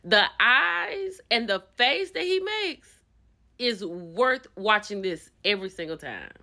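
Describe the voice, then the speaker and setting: A woman recapping a reality show in a gossipy, expressive way, acting out the people she quotes. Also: mid-range voice, slow pace. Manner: gossipy and expressive, acts out quotes, bursts into laughter. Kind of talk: animated casual recap.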